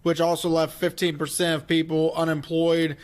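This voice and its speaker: A man with a fairly high voice walks through a film's story in casual podcast chat. He explains step by step, with a few fillers and restarts. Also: level tone, normal speed. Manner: explanatory, recapping plot with fillers. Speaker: film review podcast co-host. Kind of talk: casual movie discussion.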